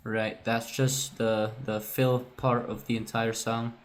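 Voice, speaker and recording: Male producer explaining his own track at an unhurried pace, in an even and mostly level voice. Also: medium pitch, over loud music. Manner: casual and self-correcting, often says "right". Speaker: music producer. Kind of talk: screen-recorded production walkthrough.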